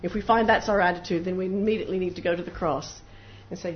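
A woman's voice: lowish voice, steady tone, quick pace, few pauses. Woman, earnest preacher, devotional sermon, dull lo-fi recording, faint hiss. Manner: earnest, acts out little voices of doubters and prayers.

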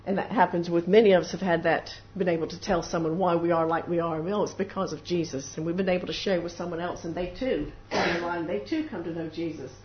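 Fast-talking and barely pausing, a woman with a fairly low pitch and steady tone preaches an earnest devotional sermon, occasionally playing out the voices of doubters and those praying. The recording is dull lo-fi with faint noise.

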